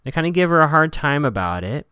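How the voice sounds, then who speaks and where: A man's voice: a little high, big pitch swings, fast, pushed and bright, clear, resonant tone, no room sound, studio quality. A man hosting a podcast, chattily recapping a TV episode and quoting characters in playful voices. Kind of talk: casual recap chat.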